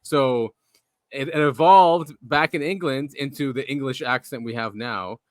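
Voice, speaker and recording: A man's voice: medium pitch, measured pace, no echo, clean studio sound. A man hosting a podcast in casual chat, chatty and eager to explain things. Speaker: podcast host.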